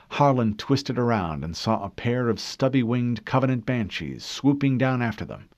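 Male narrator, low and lively delivery, measured dramatic reading, dry dull sound. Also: no room sound. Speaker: audiobook narrator. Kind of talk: scripted narration.

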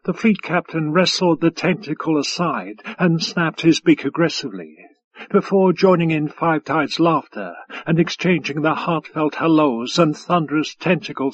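A man reading a science fiction novel aloud in measured, even storytelling. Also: on the high side, husky, highs cut off. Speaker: audiobook narrator. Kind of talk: scripted narration.

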